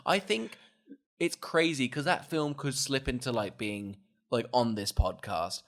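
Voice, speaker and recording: A man in casual chat as a podcast co-host, gushing about a film in a voice of middling pitch. He gets animated, swears freely and breaks into laughter often. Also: unhurried.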